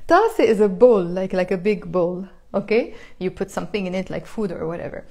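A Lebanese woman teaching a live online lesson, chatty and repeating each phrase slowly for learners. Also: mid-range voice, expressive, a little mellow. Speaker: Arabic teacher.

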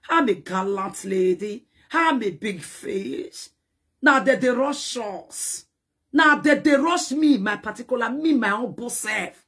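An older woman with a Nigerian Pidgin accent, ranting to camera about herself in a boastful, animated way that bursts into shouts. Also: fairly high pitch, breathy edge. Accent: Nigerian Pidgin English.

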